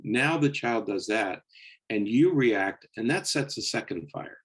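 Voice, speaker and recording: A man's voice: on the low side, animated, a little slow, breathy edge. A man co-hosting a psychology podcast, explaining patiently and checking in with listeners in a conversational way.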